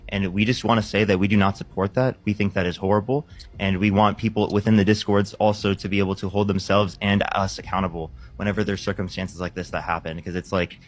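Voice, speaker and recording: A man's voice: lowish voice, level tone, fast talker. A man speaking earnestly on an online panel, urging accountability. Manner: earnest, repeating calls for accountability. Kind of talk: panel discussion statement.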